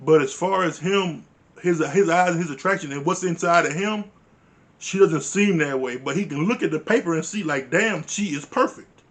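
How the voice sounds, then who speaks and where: A man with a high, light voice rants through a reality show recap. He talks bluntly and swears freely, sounding fed up with the people on screen. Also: normal speed, a bit bright. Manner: blunt, profane, exasperated ranting; uses informal dialect grammar. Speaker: reality TV reviewer. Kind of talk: casual recap commentary.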